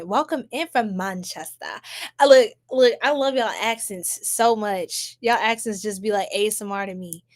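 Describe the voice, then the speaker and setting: A young woman from New York with a New York accent, chatting casually and animatedly with her livestream audience in slangy, laugh-filled talk. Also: on the high side. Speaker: tarot reader livestream host.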